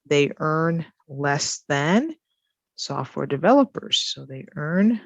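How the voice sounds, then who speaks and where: Woman ESL teacher, unhurried and careful, repeats phrases, dry recording. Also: low voice, vocal fry, dry recording. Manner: repeats key phrases slowly for learners. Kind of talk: slow, careful teaching explanation.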